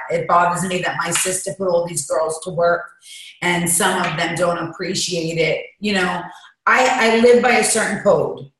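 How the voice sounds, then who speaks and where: A woman being interviewed speaks in a slightly low, earnest voice, confessional and emphatic, pressing hard on what matters to her. She is recorded in a treatment center, and a heavy room echo hangs on every word. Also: fairly bright tone. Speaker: interview guest. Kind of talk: candid interview talk. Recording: very echoey room.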